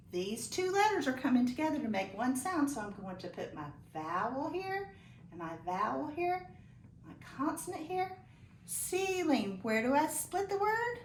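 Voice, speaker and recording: Woman, phonics teacher for young kids; higher, animated voice, patient and full of praise; roomy echo. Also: a little hiss or hum. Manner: encouraging, slow and deliberate, praising pupils. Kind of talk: phonics lesson for young children.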